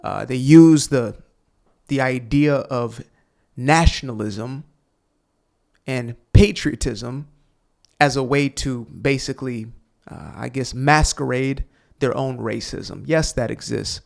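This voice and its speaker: A man's voice: medium pitch, slow, creaky, a little mellow. A man hosting an opinionated commentary channel, reacting to clips in a sarcastic, mocking tone.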